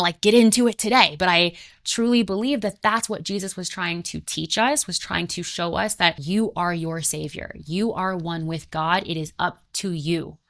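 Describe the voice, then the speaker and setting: A woman's voice: mid-range voice, fairly bright tone, no room sound. A woman in her twenties speaks in an earnest, conversational spiritual talk, pressing her points through emphatic repetition. Her voice sits in a middle range for a woman. The recording is dry, with no room sound around her. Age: 20s.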